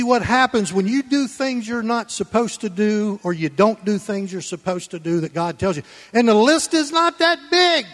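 Loud, emphatic lines alternate with quiet, low asides as this pastor gives his folksy, conversational Sunday sermon. The church leaves a long reverb tail behind his words.

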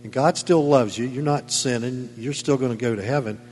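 A pastor preaching a sermon in a church, emphatic and folksy with chuckling asides. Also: male voice, mid-range voice, brisk, a little mellow, big-room sound, faint music behind. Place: church sanctuary.

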